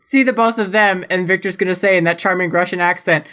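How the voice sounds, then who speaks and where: A woman co-hosting a podcast, telling an animated, giggly story in casual chat. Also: on the low side, fast. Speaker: podcast co-host.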